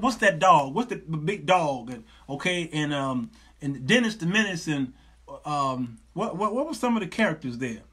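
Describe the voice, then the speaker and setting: A husky, bright-toned man. He hosts a live show off the cuff, swinging his pitch high and low as he plays out every voice in his stories himself. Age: 50s. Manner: animated, acts out both sides of stories in raised voices. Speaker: show host. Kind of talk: live call-in talk show.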